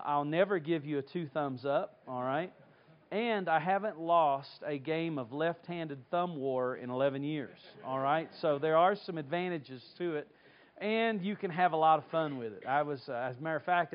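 A middle-aged man from North Carolina preaches in a folksy, storytelling manner with animated asides. His voice sits a little higher than most men's. The recording is dull and lo-fi. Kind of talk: sermon with personal story. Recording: dull lo-fi sound.

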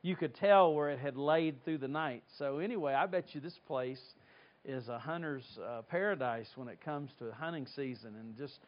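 A middle-aged man from North Carolina preaching, telling a personal story in a folksy, animated way before reading scripture. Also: medium pitch, normal speed. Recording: dull lo-fi sound.

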